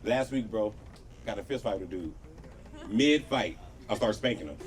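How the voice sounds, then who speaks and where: A man's voice: on the low side, animated, normal speed, slight background noise. A man in his thirties from Los Angeles doing a loose, profane stand-up set with lots of crowd work on an outdoor patio. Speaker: stand-up comedian. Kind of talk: live stand-up comedy set. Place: outdoor patio comedy show. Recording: distant live audio with crowd laughter.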